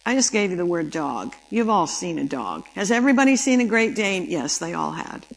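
An older woman giving a talk about the brain, telling an anecdote in a lively storytelling way and acting out the dialogue. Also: on the low side, a little fast, gravelly, rough recording. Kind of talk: storytelling lecture.

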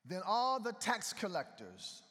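A man's voice: high voice, huge pitch swings, measured pace, bright, forceful tone. A man preaching a sermon in a conversational way and bantering with the congregation, heard in an echoey hall. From United States. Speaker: pastor.

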